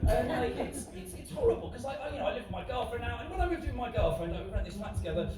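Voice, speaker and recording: A cheeky man in his twenties does a stand-up set, talking quickly and bouncing his high voice all over. He sounds far from the mic in an echoey theatre. A laughing crowd fills the room. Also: big pitch swings. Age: 20s. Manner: cheeky, teasing, rapid banter. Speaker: stand-up comedian. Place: large theatre. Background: audience laughter.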